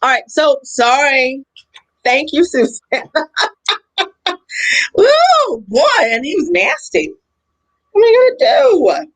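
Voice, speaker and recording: Woman livestream host, high and very lively voice, bubbly and laughing. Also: takes it slowly, pauses often, rough recording. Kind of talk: casual livestream chat. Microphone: video call.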